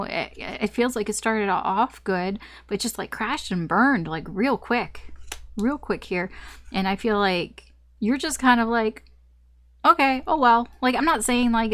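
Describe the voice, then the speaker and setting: A woman's voice: mid-range voice, dry recording. A woman tarot reader talking through a casual, rambling reading, often laughing at herself.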